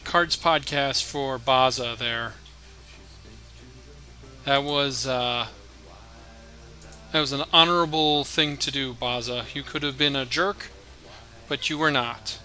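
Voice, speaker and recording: A man's voice: mid-range voice, fairly even intonation, slow, pauses often, pushed and bright, soft background music. A man streaming a card game live, thinking his moves aloud in a chatty way and talking to his opponent and viewers.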